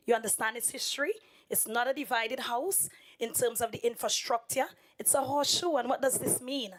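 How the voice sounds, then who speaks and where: A woman's voice: high-pitched, low-quality recording. A woman with a strained voice, giving a formal, emphatic speech to students in a legislative chamber. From Trinidad and Tobago. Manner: oratorical, emphatic, addresses the room with questions. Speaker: education secretary giving remarks.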